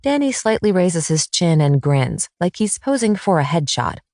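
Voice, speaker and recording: A woman narrating a first-person romance audiobook in a teasing, lively read. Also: fairly low pitch, moderate pace, dry recording, clean studio sound.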